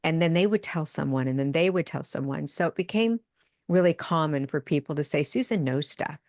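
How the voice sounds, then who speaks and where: Older woman guest, low pitch, dry close sound, animated storyteller who acts out dialogue. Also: a little fast, no echo. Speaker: medium and addiction counselor. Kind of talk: podcast interview storytelling.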